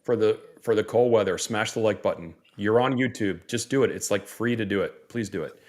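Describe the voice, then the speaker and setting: Easygoing low-voiced Florida podcast man. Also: a little fast, a little mellow. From Northeast Florida. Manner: easygoing, rambling with fillers and restarts. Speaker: podcast co-host. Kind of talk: casual sports podcast chat.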